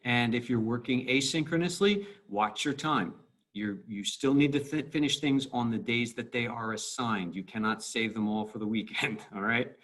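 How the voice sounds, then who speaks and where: A man's voice: medium pitch, moderate pace, a bit bright. A male teacher giving a recorded online lesson in a casual, thinking-aloud way, breaking poetry lines into syllables.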